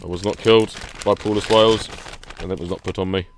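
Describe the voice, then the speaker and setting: A man's voice: deep voice, fairly even intonation, fast talker, a little hiss or hum. A man on a podcast, ranting in a jokey way about his gear and laughing often. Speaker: podcast co-host. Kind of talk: casual chat.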